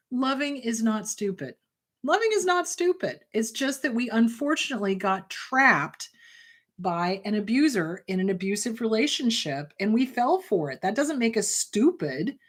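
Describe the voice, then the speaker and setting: A woman's voice: mid-range voice, expressive, moderate pace. Emphatic, reassuring woman therapist host. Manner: emphatic, warm and reassuring, calls listeners sweetheart. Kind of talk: live-stream advice talk answering viewer questions.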